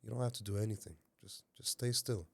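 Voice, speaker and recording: A man voicing a calm inner voice that gives soft, hushed, soothing commands. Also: lowish voice, quick pace, creaky, breathy edge, no room sound.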